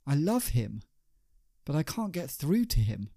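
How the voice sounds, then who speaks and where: A man voicing a drunk, lovesick male playwright who is desperate and self-pitying, pleading in whiny high cries. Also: very animated, unhurried, vocal fry, warm tone, no echo, studio quality, exaggerated voice. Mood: brooding.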